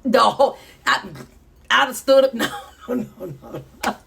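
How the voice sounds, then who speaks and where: A woman, reacting to a video in an animated, preachy way with laughing asides. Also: on the high side, measured pace, vocal fry, pauses often, slight background noise. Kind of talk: reaction commentary.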